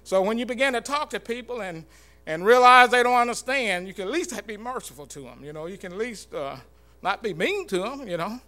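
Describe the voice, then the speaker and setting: A man giving an earnest, halting church talk in an informal sermon style, with many fillers and restarts. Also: sits high, animated, pushed and bright. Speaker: church speaker.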